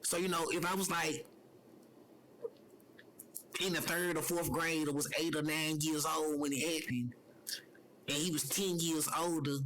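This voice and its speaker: A young man with a fairly high voice speaks in a loose, unscripted monologue. He keeps looping back to the same phrases and leans on "you know" as he goes. A faint background hiss sits under his voice. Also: steady tone, a little slow, long pauses, a bit bright, rough recording. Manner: rambling and repetitive, circling back to the same phrases; earnest, heavy use of "you know". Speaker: personal vlogger.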